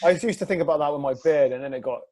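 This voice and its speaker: Host: a laid-back guy who jokes at his own expense, voice a touch high. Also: very fast, darkish tone. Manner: joking, self-deprecating, laid-back. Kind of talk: casual podcast chat.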